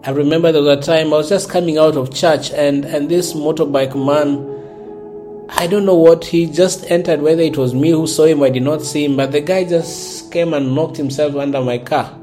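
A man's voice: a little high, steady tone, moderate pace, warm tone. A man preaching a sermon in an earnest way, often repeating words as he searches for the phrasing, with faint music behind him. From South Sudan. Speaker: pastor.

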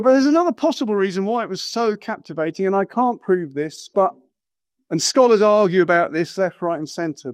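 A middle-aged man preaching a sermon, animated and acting out quotes with exaggerated voices. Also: high voice, dry recording.

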